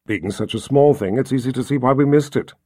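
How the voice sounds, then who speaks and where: A man's voice: mid-range voice, brisk, dark tone, husky, no echo, clean studio sound, lightly acted. A man voicing Sister Amina, an earnest scholar. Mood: puzzled.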